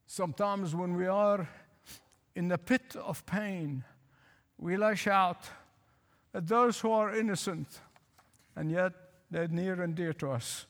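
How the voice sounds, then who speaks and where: A male pastor preaching a sermon, emphatic, repeating phrases and slowing to stress lines. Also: high-pitched, fairly bright tone. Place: church. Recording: hall reverb.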